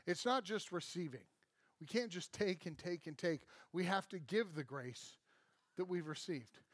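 A man's voice: high voice, animated, moderate pace, no echo. A man preaching a sermon in an emphatic, conversational way, often checking in with "right?". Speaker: pastor. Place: church.

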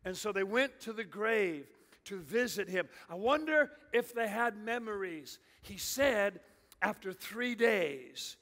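A middle-aged man preaches a sermon in a high, bright voice, taking his time with each line. He swings from ringing shouts to hushed, dropped phrases. A long reverb from a large church hall trails his words. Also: animated, slow pace. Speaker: pastor.

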